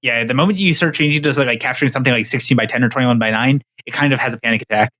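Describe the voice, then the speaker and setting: A man's voice: mid-range voice, bright, forceful tone, dry recording. Dry-voiced man hosting a tech podcast. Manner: talks in quick runs with restarts and fillers. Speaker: podcast host. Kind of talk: casual tech podcast chat.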